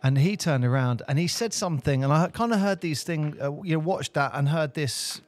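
A man's voice: a little high, a little fast, faint music behind. Chatty British man with rambling talk. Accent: British English. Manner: chatty, rambling with fillers and restarts. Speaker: podcast co-host. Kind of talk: casual chat.

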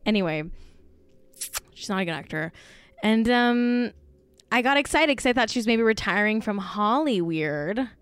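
A woman's voice: a little high, expressive, moderate pace, long pauses, clear, resonant tone, no room sound. A woman co-hosting a casual podcast chat, gossipy and blunt, peppering her talk with "like.". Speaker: podcast co-host.

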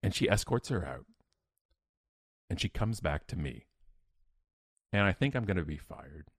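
A man, a podcast guest, telling a story in an emphatic, energetic way with sudden loud bursts. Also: sits low, measured pace, husky, dry recording, clean studio sound. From Canada. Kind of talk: animated storytelling in an interview.

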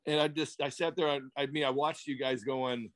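Relaxed, halting man in his fifties. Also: mid-range voice. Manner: relaxed, halting, restarts phrases. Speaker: podcast co-host, former pitcher. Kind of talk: casual chat.

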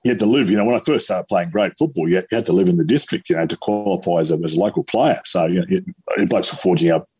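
An Australian man, a former rugby player, chatting casually in a halting way with lots of fillers and repeats. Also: deep voice, darkish tone, breathy edge. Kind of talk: casual chat.

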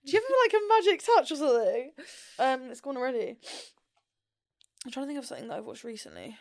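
A woman co-hosting a podcast in casual chat, bubbly and quick to swear and laugh. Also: high voice, very animated, no echo, studio quality. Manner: bubbly, swears a lot, bursts into loud laughter. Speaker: podcast co-host.

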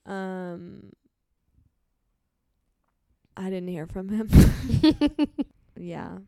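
A woman's voice: mid-range voice, animated, very slow, dark tone, no room sound, studio quality. Laid-back young woman chatting on a podcast. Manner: storytelling, frequent laughter and quoted voices. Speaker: podcast co-host. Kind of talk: casual chat.

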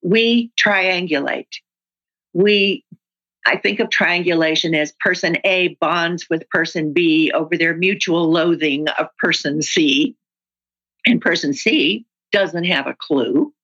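A woman's voice: on the low side, slow, lo-fi sound. A woman guest who trains people in workplace communication, telling stories in a conversational interview and acting out example dialogue. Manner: animated storyteller who acts out example dialogue.

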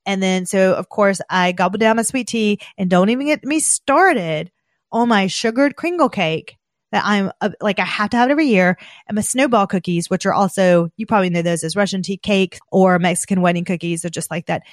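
A woman in her thirties from the American South, with a Southern accent, chatting casually as a podcast host and gushing with excited exclamations. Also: medium pitch, a little fast, no room sound, clean studio sound. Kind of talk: casual chat.

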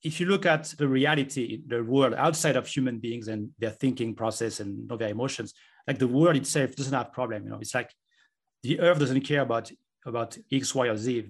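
Talking a little fast in a mid-range voice, this author explains his thinking earnestly as an interview guest. The exchange is conversational, and he reasons his way through examples.

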